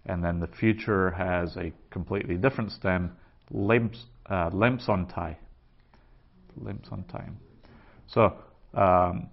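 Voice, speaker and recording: A man with a very low voice talks slowly through a grammar lesson. He is patient and methodical and repeats each form out loud, and the recording sounds dull and muffled. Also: fairly even intonation. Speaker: Greek teacher. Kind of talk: slow spoken grammar lesson.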